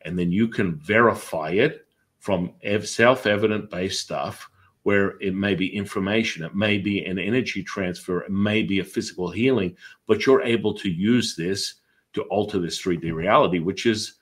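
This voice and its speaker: A man, a Taoist master, telling stories in an interview in a lively way, acting out remembered dialogue. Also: deep voice, moderate pace, breathy edge. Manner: animated, acts out remembered dialogue. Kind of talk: personal storytelling in an interview.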